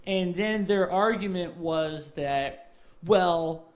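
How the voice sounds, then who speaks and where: A man with a somewhat high voice talks on a casual podcast. He rambles and stops often, circling back with fillers as he works through a story. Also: takes it slowly, slight background noise. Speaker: podcast co-host.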